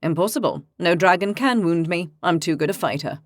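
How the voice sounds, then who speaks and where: A woman's voice: lowish voice, brisk, no echo, studio quality, lightly acted. A woman voicing a cocky mocking young warrior. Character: brash boastful young male warrior.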